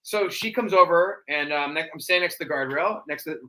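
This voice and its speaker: A man as a guest in a casual chat, telling stories in an animated way. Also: fairly high pitch. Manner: animated storyteller, quick restarts and fillers.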